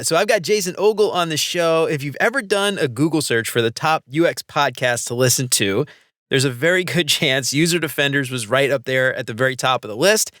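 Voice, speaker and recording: A man's voice: on the high side, a bit bright, dry recording, clean studio sound. A man hosting a casual podcast interview, talking enthusiastically and gushing about his guest. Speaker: podcast host.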